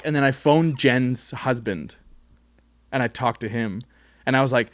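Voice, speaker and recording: A man's voice: medium pitch, unhurried, long pauses, dry recording, studio quality. A young man from Canada co-hosting a podcast in casual chat, swearing freely and laughing often. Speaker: podcast co-host.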